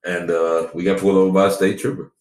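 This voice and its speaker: A middle-aged man with a very deep, low voice tells stories in a relaxed, unhurried way. He slips into lively voices when he quotes people. The room around him is echoey. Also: distant mic. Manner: storytelling, laid-back, quotes people in animated voices. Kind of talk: casual chat.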